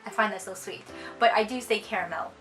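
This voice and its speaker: A woman's voice: medium pitch, fairly quick, fairly bright tone, soft background music, poor audio. A young woman from China with a Canadian accent and Cantonese as her first language, chatting casually as a vlogger and reading words out one at a time. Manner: chatty, reads a word list one word at a time. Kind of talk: casual chat.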